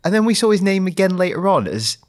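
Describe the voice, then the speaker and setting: A man's voice: high voice, big pitch swings, quick pace. A man co-hosting a casual film podcast, explaining details in a dry way with wry asides. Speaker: podcast co-host.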